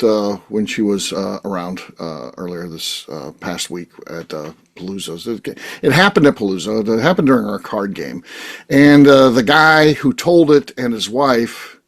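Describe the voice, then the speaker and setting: A man's voice: fairly low pitch, lively intonation, normal speed. A man hosting a casual chat show, telling a story in a rambling way with many fillers and restarts over a video call. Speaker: podcast host.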